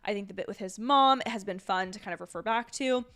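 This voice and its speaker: A woman's voice: medium pitch, a little fast, fairly bright tone. Chatty young woman streaming from home. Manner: chatty, rambling, apologetic asides. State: sleepy, yawning. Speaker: livestream host. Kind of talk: casual watch-along chat.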